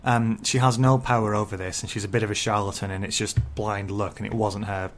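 A man's voice: fairly low pitch, flat delivery, fairly quick, a little hiss or hum. A man co-hosting a casual book-discussion podcast, laying out ideas step by step. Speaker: podcast co-host.

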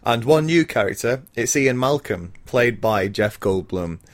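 A man's voice: medium pitch, lively intonation, a little slow. A man in his thirties co-hosting a casual film podcast, often laughing and talking with many fillers and restarts. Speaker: podcast co-host.

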